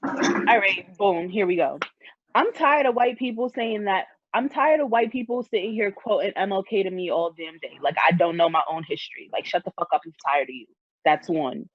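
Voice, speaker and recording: A woman's voice: medium pitch, a little fast, highs cut off. A young woman in a heated casual discussion, ranting fiercely with lots of swearing. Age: young adult. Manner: fiery, profane, ranting.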